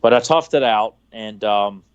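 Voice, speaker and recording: A man's voice: on the low side, moderate pace, smooth, no room sound, muffled recording. A man on a podcast telling a long, rambling anecdote in casual chat, with frequent restarts. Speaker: podcast co-host.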